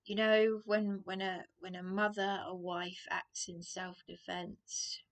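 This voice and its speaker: A middle-aged woman from England, delivering a rambling rant to camera, halting with many restarts and dropping into hushed asides. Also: fairly low pitch, little pitch movement. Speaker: vlogger.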